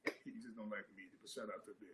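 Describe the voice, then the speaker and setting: A man's voice: fairly low pitch, very fast, slight background noise. A man, a football player, chatting casually on a podcast, acting out quotes as he tells stories. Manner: animated storyteller, acts out quotes.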